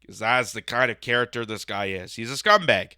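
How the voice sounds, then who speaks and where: Bright, ranting male commentator. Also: mid-range voice, a little fast, clean tone, dry recording, clean studio sound. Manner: sarcastic, ranting, emphatic. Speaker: commentary host. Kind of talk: political reaction commentary.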